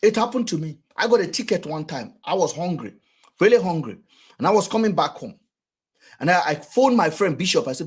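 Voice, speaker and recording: A man with a Nigerian accent giving casual, rhetorical commentary in a husky voice. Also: high voice, a little fast. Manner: animated, rhetorical, acts out quotes. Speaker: vlogger and commentator.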